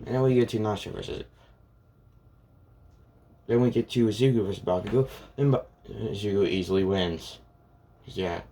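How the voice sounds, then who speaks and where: A man's voice: on the low side, normal speed, pauses often, warm tone. A man casually retelling a fan story, rambling and filling gaps with "and yeah" and "pretty much".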